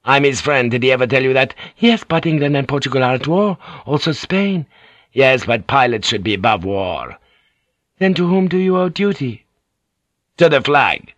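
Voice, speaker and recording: A man's voice: mid-range voice, animated, normal speed, fairly bright tone, dry recording, voice pushed up, close to an everyday voice. A man playing a hot-tempered male ship's pilot who barks orders and curses. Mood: earnest.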